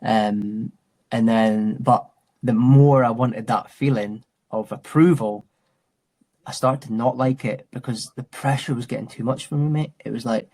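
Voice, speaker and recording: A man's voice: medium pitch, measured pace, a little mellow. A man in his thirties, an outdoor instructor, talking casually and reflectively in an interview, saying "mate" a lot. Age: 30s. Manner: chatty, says "mate" often, restarts and fillers. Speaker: mountain and adventure training instructor.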